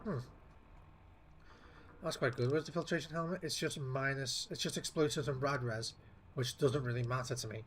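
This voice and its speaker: A man's voice: mid-range voice, moderate pace, long pauses, a bit bright, a little hiss or hum. A man giving casual gameplay commentary, muttering to himself in an offhand and profane way. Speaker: gameplay streamer.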